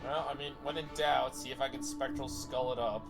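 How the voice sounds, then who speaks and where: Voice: mid-range voice, steady tone, a little fast, vocal fry, over music. A streamer playing a game live, chatting casually and teasing with dry jokes.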